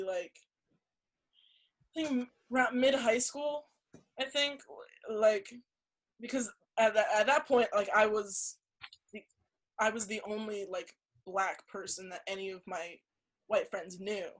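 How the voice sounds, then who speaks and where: A woman's voice: medium pitch, rough recording. A young woman in casual conversation as a podcast guest, recounting something earnest with frequent restarts and "like" fillers. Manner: halting, many restarts and "like" fillers; earnest storytelling.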